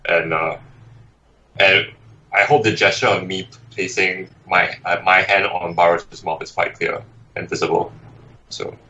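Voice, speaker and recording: A man's voice: low voice, steady tone, a little slow, pushed and bright, lo-fi sound, slight background noise. A man playing a tabletop game, hesitant and checking the rules as he goes. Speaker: player.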